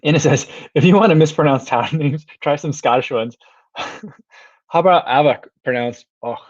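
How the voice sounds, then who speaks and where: A man's voice: a little high, normal speed, no room sound, dull audio. A man in his thirties from the United States hosting a casual livestream, reading viewer comments aloud, chatting and laughing often, trailing off and restarting his sentences. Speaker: livestream host.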